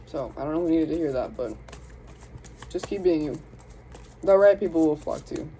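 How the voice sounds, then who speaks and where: A young woman from the Southern United States, speaking in a low, mellow, animated voice at normal speed, gives a casual, chatty tarot reading. She talks to spirit and her viewers in slangy, self-interrupting speech. The audio is poor, with slight background noise.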